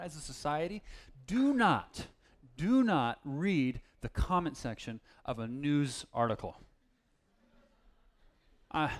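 Animated man preaching conversationally. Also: on the high side. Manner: animated, self-deprecating, conversational preaching with many fillers. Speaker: pastor. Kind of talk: sermon.

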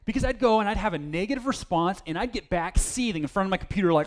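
A man's voice: high-pitched, animated, quick pace. A man preaching a casual, self-deprecating sermon, with plenty of fillers and restarts. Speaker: pastor.

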